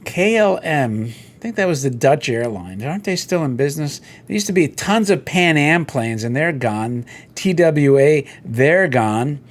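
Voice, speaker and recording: A middle-aged man talks on his own as host, rambling from one story to the next in a loose, chatty way. His voice sits a little high and swings up and down with lively energy. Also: a little slow, hardly any pauses. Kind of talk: casual solo chat while browsing toy listings.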